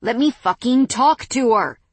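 A woman voicing a furious, high-strung young man who shouts and curses in an audiobook scene. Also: lively intonation, normal speed, breathy edge, dry recording. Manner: loud, cursing, high-strung. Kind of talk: audiobook character voice.

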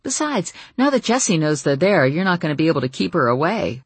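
Brief: woman voicing a low, hushed werewolf man for an audiobook, husky and dry. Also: sing-song, no room sound, full character voice. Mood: calm. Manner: quiet, measured, low-key. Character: calm male werewolf leader, low and soft.

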